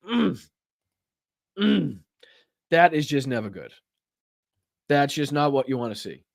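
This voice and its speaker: A man's voice: medium pitch, big pitch swings, takes it slowly, vocal fry, long pauses, no room sound, clean studio sound. A man with a Boston accent hosting a live political commentary stream, reading news aloud with sarcastic, profane asides. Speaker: political talk show host.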